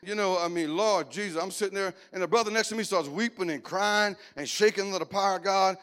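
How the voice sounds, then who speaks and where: A middle-aged man with a Cajun accent, a pastor preaching in a joking, animated way and breaking into shouts and whoops. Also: high voice, quick pace, hardly any pauses. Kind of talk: humorous preaching.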